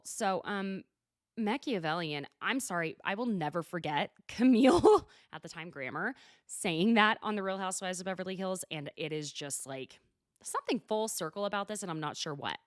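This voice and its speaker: A woman's voice: fairly low pitch, animated, normal speed, dry recording, clean studio sound. A woman hosting a podcast, recapping a reality show in a gossipy, casual way with laughs and swearing. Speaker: podcast host.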